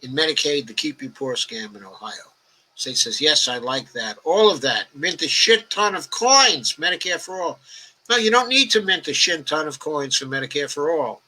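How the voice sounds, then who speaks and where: A man's voice: on the high side, lively intonation, moderate pace, sharp tone, rough recording. An elderly man, hosting a political livestream. He reads out viewer comments and answers them in a rambling, conversational way full of "okay" and "uh". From New York, the Bronx. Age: 80s.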